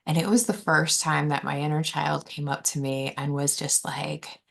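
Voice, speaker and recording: A woman with a low voice and a gravelly edge speaks as a podcast guest. She talks through her own story earnestly and openly, often voicing what she tells herself. The tone is reflective and personal. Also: level tone, normal speed. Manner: earnest and open, quoting her own inner voice. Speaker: life coach, podcast guest.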